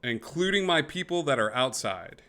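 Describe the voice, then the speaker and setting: Game master, male, bright tone, rambling descriptive narration with frequent fillers. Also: a little high, big pitch swings, moderate pace. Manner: descriptive, with many fillers and restarts. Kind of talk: narrating a tabletop game over a call.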